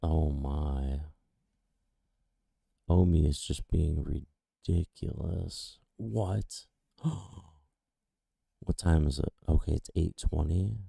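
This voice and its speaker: A man giving excited live commentary on crypto price charts, exclaiming and pleading as the numbers move. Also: extremely low pitch, takes it slowly, gravelly, pauses often, slightly rough, no room sound, studio quality.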